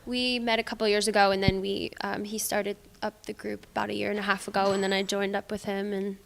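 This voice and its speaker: A woman, a musician, talking with quick enthusiasm in a casual backstage interview. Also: medium pitch, level tone, creaky, crowd noise. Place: side stage at a concert.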